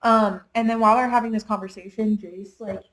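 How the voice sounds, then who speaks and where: Casual young woman book reviewer, middle pitch, rambling plot recap. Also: fairly even intonation, fairly quick, low-quality recording. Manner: chatty retelling, heavy use of "like". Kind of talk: casual chat.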